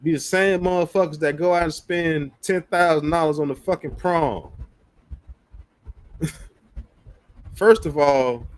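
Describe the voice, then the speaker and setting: Male streamer, raised pitch, blunt profane rant delivery. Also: darkish tone, dry recording. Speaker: livestreamer. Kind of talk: ranting livestream commentary.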